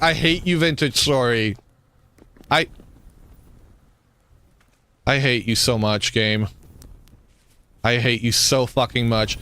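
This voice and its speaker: A man's voice: mid-range voice, measured pace, pauses often, bright, forceful tone, clear, resonant tone. A young man streaming a survival game, swearing at it and laughing in disbelief as things fall apart. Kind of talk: live gameplay commentary.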